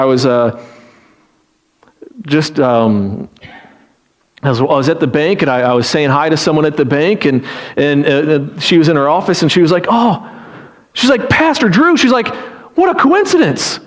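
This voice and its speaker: A man preaching with a notably high-pitched voice, telling a Bible story with animation. He slips into pleading voices for the characters and often repeats words as he restarts his phrases. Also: a little fast. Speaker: pastor. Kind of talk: sermon.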